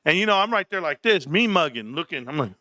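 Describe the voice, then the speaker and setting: A man hosting a casual livestream from home, talking in an animated, rambling way with casual swearing. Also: a little high, fast, no room sound, clean studio sound. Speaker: livestream host.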